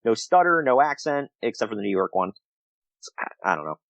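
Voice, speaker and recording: A man's voice: medium pitch, big pitch swings, brisk, creaky, a bit bright, no echo, lo-fi sound. A man co-hosting a casual podcast review, rambling and laughing often as he retells things. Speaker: podcast co-host.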